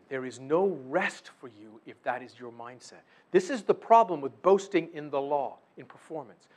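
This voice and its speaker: A man preaching a sermon in a high, lively voice that climbs and falls across a wide range. He swings from loud, emphatic bursts to quiet drops and acts out imagined prayers and voices as he goes. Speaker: pastor.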